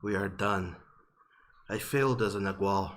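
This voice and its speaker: A man's voice: deep voice, measured pace, a bit bright, a little hiss or hum. A man doing a grieving dog-folk leader. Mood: despairing. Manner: solemn, despairing declarations.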